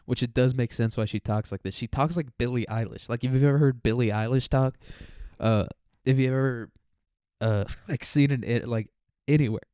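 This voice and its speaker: This young man's voice is medium-pitched, mellow and smooth, at a normal speed, recorded at studio quality without echo. A student podcaster on his own, he meanders through a crude, laugh-filled monologue and seems mentally drained.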